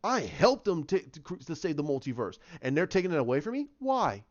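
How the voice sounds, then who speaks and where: A man's voice: a little high, sing-song, a little fast. A man imitating a scheming male villain who pleads indignantly that his credit is being taken, in a dull lo-fi recording. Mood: aggrieved whining. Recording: dull lo-fi sound.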